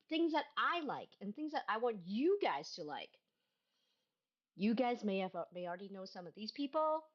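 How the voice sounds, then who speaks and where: A woman streamer chatting casually to her viewers, excitable, often gasping and squealing. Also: medium pitch. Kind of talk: casual live-stream chat. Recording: dull lo-fi stream mic.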